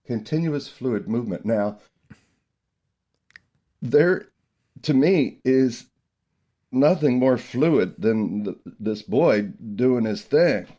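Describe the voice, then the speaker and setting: A middle-aged man hosting a podcast about music teaching, chatting casually and telling animated stories with frequent laughter. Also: mid-range voice, takes it slowly, pauses often, lo-fi sound. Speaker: podcast host, early childhood music teacher.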